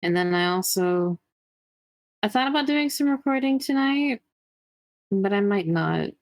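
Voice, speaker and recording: A woman in casual chat on a stream call, giggly and animated, swearing freely. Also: medium pitch, a little slow, no echo, clean studio sound.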